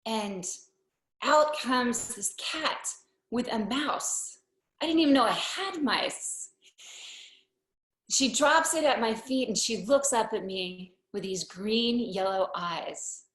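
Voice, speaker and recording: On stage, a woman slowly tells a personal story, lingering over each phrase with dry humor and deadpan asides. Her voice is on the high side, and the hall adds a roomy echo.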